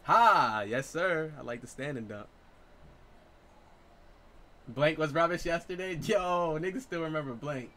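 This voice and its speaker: A man in his late twenties giving excitable, profane live gameplay commentary as a streamer, trash-talking. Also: fairly high pitch, a little slow, long pauses. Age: 20s. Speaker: gaming streamer.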